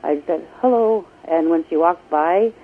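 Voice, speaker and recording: A woman calling in to a radio show, telling a personal story in a halting, emotional way with many restarts. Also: lowish voice, steady tone. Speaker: radio caller. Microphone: telephone. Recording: tinny phone line.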